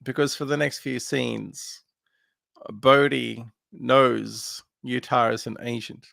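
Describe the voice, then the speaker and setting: A man with a very gravelly, creaky voice recaps a film plot casually. He wanders through the story with lots of ums. The sound is close and dry, with no room behind it. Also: mid-range voice, fairly even intonation, takes it slowly, a bit bright, no room sound. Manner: meandering, filler-heavy retelling. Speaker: film podcast co-host.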